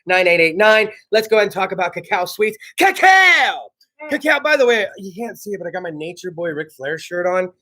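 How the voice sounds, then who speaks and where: A man from South Texas hosting a casual talk show, loud, excitable and profane, often bursting into shouts while plugging sponsors. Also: high-pitched, fast, hardly any pauses.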